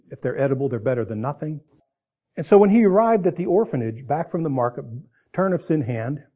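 A man's voice: mid-range voice, warm tone, slightly rough, muffled recording. A man preaching a sermon in a conversational way, with asides and restarts, ending in prayer. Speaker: pastor.

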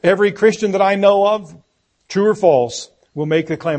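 Husky male preacher. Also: high-pitched, normal speed, a little mellow. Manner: reads scripture aloud, repeats key words for emphasis. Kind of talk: sermon.

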